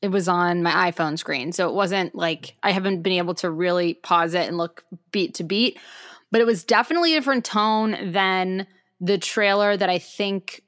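A woman's voice: on the low side, moderate pace, fairly bright tone. A young adult woman co-hosting a pop-culture podcast, talking casually and rambling, with many likes and ums. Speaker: podcast co-host. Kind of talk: casual chat.

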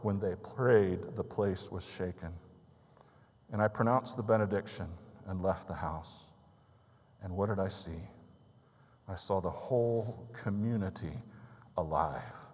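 A man's voice: deep voice, a little slow, long pauses, a little mellow, husky, big-room sound. A man preaching a sermon, telling a story in an earnest, emphatic way.

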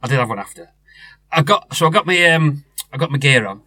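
A man's voice: fairly high pitch, lively intonation, fairly quick, bright, forceful tone, husky. A middle-aged man, telling a rambling story in casual chat, with many restarts. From North West England.

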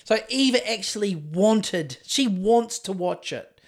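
In casual podcast chat, a New Zealand co-host rambles through anecdotes and swears without restraint. His voice sits high, moves with lively intonation, and unfolds at a slow pace.

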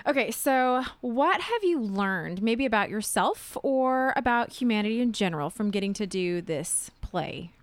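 Lively, upbeat woman interviewer. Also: on the high side, moderate pace, hardly any pauses, no room sound. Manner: upbeat, laughs easily. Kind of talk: casual interview.

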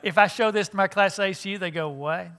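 A man's voice: high-pitched, fast, fairly bright tone. An older man, giving a folksy, joking talk at a church conference, with frequent restarts. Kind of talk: humorous seminar talk.

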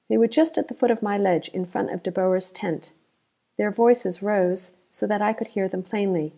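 Mellow woman reading an audiobook. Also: mid-range voice, moderate pace. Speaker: audiobook narrator. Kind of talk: audiobook narration.

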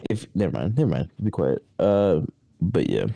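A man's voice: low voice, sing-song, moderate pace, vocal fry, warm tone, no room sound. A young man in a casual chat, making crude jokes and drawling his questions. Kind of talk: casual chat among friends.

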